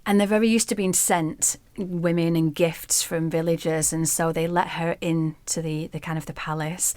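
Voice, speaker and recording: A woman guest in an interview, telling a myth as a vivid, expressive storyteller. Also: lowish voice, normal speed, hardly any pauses, no room sound.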